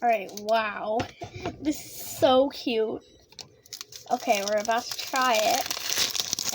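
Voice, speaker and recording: A woman vlogging a casual snack taste-test, excitable and giggly, chatting while she eats with her mouth full. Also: on the high side, noisy background.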